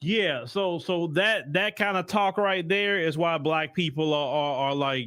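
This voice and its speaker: A man's voice: on the high side, normal speed, a bit bright, smooth, no room sound, studio quality. A man hosting a livestream commentary, talking in a heated, rambling way full of repeated restarts. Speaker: host and commentator.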